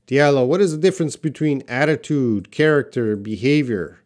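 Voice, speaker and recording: Guy teaching english live, slow and patient, reads out viewer questions. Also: medium pitch, expressive, darkish tone. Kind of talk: live online Q&A lesson.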